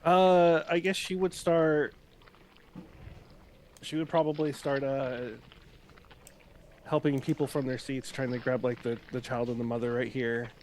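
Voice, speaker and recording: Man player, hesitant and halting. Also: medium pitch, fairly even intonation, a little mellow, a little hiss or hum. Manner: hesitant, many fillers. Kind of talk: casual tabletop play.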